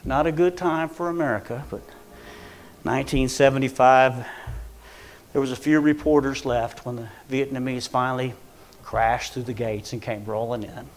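A man preaching a Pentecostal sermon in church, swinging from hushed storytelling to fervent shouting. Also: medium pitch, fairly even intonation, moderate pace, a little hiss or hum.

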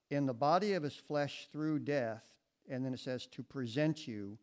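A man's voice: mid-range voice, a little mellow, poor audio. A male American pastor teaching verse by verse in a conversational way, often asking the congregation questions, sometimes moving away from the mic. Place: church classroom with audience. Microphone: moves away from the mic at times.

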